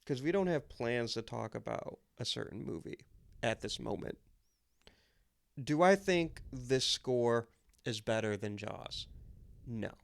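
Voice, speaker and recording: A man's voice: medium pitch, animated, creaky. A man co-hosting a podcast, chatting casually and emphatically about a film, often restarting his sentences. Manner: enthusiastic, emphatic, with quick restarts. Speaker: podcast co-host. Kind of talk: casual movie chat.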